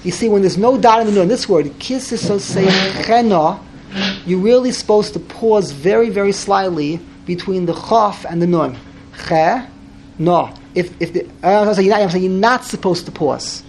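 A man's voice: sits high, normal speed, hardly any pauses, a little mellow, a little hiss or hum. Guy teaching torah reading to a small group, repeats himself a lot, trips over words. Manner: repeats words, restarts, demonstrates chanting. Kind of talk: informal class discussion.

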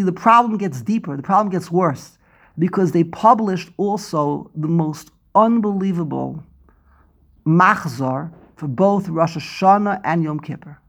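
A man hosting a casual chat over a video call, telling animated stories and laughing often. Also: high voice, unhurried. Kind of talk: casual conversation.

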